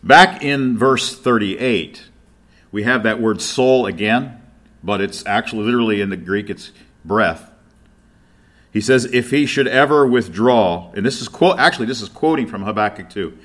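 A man's voice: on the low side, moderate pace, a bit bright. A middle-aged man preaching a sermon, reading scripture aloud with emphasis and asking rhetorical questions.

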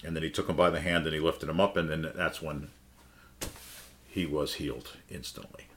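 A man's voice: extremely low pitch, fairly even intonation, normal speed. A man teaching the Bible in a conversational sermon, emphatic and full of rhetorical questions. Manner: emphatic, asks the listeners many rhetorical questions.

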